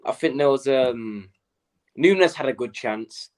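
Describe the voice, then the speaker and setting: A man's voice: mid-range voice, takes it slowly, a little mellow. A man with a mid-range voice speaks in a casual football chat. He thinks aloud and hesitates, and often trails off mid-thought.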